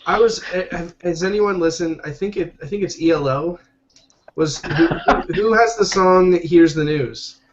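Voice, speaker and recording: A man's voice: a little high, normal speed, background noise. Male host, light jokey rambler, muffled video-call sound. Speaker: podcast host. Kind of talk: casual chat. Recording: dull lo-fi call audio.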